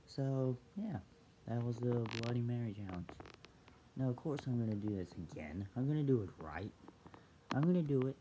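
A man vlogging casually from a dark bedroom at night, jittery and nervous, often stopping and restarting. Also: medium pitch, expressive, normal speed. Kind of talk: casual vlog talk to camera. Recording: loud background noise.

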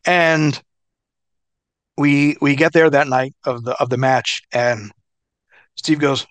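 A man's voice: medium pitch, slow pace, long pauses, dry recording. A middle-aged man, a former wrestler, telling stories in a casual interview, swearing often and laughing between bits. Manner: profane, laughing, animated storyteller. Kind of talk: casual storytelling.

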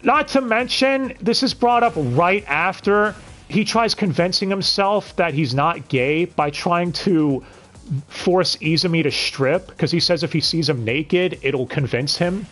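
Male podcast host, slightly higher voice, blunt and profane, casual review delivery, faint music behind. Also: a little slow, a bit bright. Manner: blunt and swearing, with bursts of incredulous exclamation.

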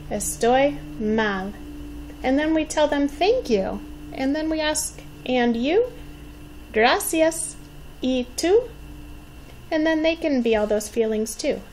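A woman in her forties, a teacher giving a patient Spanish lesson for young children, modeling words slowly and encouraging them to repeat. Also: on the high side, darkish tone, a little hiss or hum, rough recording. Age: 40s. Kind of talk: slow, clearly enunciated language lesson.

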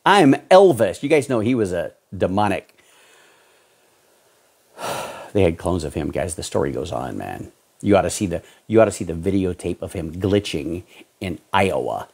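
A low-voiced man preaches with passion, his voice husky and a little rough at the edges. He swings from loud urging to quiet pleading as he exhorts his listeners. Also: expressive, normal speed, pauses often. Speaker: pastor. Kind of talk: sermon.

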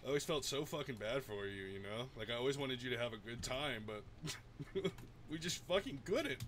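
Male streamer, relaxed banter mid-game, very animated intonation, salty language. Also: mid-range voice, brisk, a little hiss or hum. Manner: laid-back, swears often, laughs a lot. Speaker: gaming streamer. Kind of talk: casual chat while gaming.

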